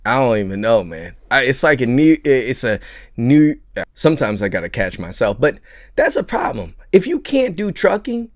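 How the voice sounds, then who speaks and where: A New York–accented truck driver vlogs casually to the camera from his truck cab, ranting in a mid-range voice at normal speed. He is animated, stammering and restarting and putting on mocking voices, and the recording is dry with clean studio sound.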